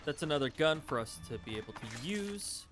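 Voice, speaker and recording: A man's voice: a little high, sing-song, moderate pace. A man giving casual gameplay commentary as a let's play host, rambling with fillers and self-corrections. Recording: game music underneath.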